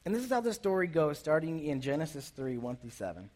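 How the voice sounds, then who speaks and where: A man's voice: fairly high pitch, very animated, fast, a little mellow. A man giving a casual sermon as a youth pastor, talking conversationally and asking his listeners questions. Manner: conversational, asks the audience questions.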